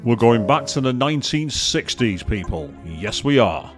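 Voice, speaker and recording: Excitable man narrating a racing game. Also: medium pitch, measured pace. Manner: excitable, chatty, thinks aloud. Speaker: gaming streamer. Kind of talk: let's-play commentary. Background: game music and engine sounds.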